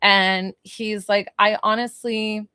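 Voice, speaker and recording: A young woman gives a psychic reading in a loose, searching way, full of "um" and "like" and questions to the sitter. Her voice sits at an ordinary pitch. The sound is dry and close, with no room echo. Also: flat delivery, slow, pushed and bright, clean tone. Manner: chatty, hesitant, many fillers and questions. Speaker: psychic medium giving a reading. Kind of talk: live-streamed spiritual reading.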